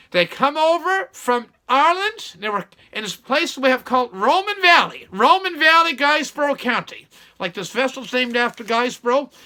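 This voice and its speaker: Older man, very high voice, bright and piercing, folksy rambling monologue. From Nova Scotia, Canada. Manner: folksy, digressive storyteller with many restarts. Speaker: vlogger.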